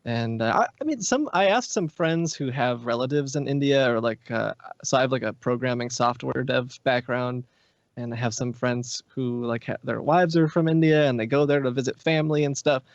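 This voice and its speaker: A man's voice: medium pitch, no room sound, lo-fi sound. A man, a podcast guest, explaining things at length in long, rambling stories during a casual chat.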